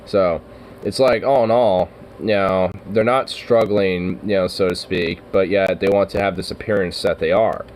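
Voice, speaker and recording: A man's voice: sits low, steady tone, normal speed, darkish tone, slight background noise, low-quality recording. A young man hosting a reaction video, rambling and swearing in a slangy, laughing way. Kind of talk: casual reaction commentary.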